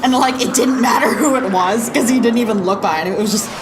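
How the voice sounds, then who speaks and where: A woman's voice: on the high side, fast, background noise. A woman hosting a reaction video, giving casual, sarcastic commentary with frequent giggles.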